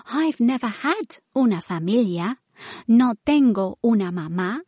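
A woman voicing a lonely, shy male hermit crab who talks quietly and gently. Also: fairly high pitch, lively intonation, unhurried, slightly rough, dry recording, dull audio, voice pushed up. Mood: gentle.

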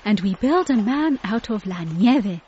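A woman voicing Lucia, a gentle friend explaining games in a storybook. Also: mid-range voice, animated, a little slow, husky. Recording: dull lo-fi dry recording.

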